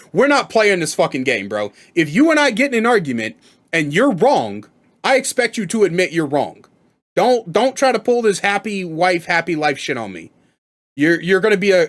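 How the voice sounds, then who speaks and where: A man with a slightly raised pitch talks through his reaction in a loose, rambling flow. He is blunt and curses freely, circling back on his words as he argues a point. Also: a bit bright. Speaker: reaction commentator. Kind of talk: reaction commentary.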